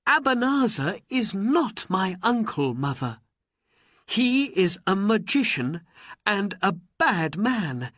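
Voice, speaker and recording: An earnest, easily frightened young boy speaks in high, pleading exclamations. A storyteller voices him in a storybook reading. The sound is breathy and dry. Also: big pitch swings, takes it slowly, fairly bright tone, no echo, heavily acted.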